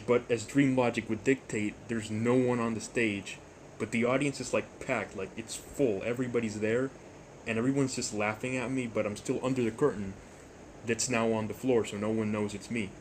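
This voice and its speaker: A young man hosting a storytime vlog, rambling and jokey, with deadpan asides. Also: mid-range voice, normal speed, slight background noise. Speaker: YouTuber storyteller.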